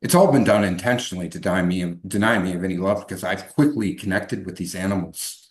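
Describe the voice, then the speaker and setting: A man's voice: deep voice, fast talker. A middle-aged man telling his own life story as an interview guest, rambling with many restarts and fillers. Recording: echoey room.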